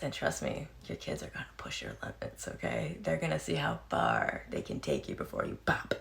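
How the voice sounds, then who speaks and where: A woman's voice: low-pitched, brisk, creaky, hardly any pauses. A woman in her thirties talking frankly and casually to camera, swearing freely, laughing often and acting out quoted voices. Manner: animated, acts out quoted voices. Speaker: vlogger.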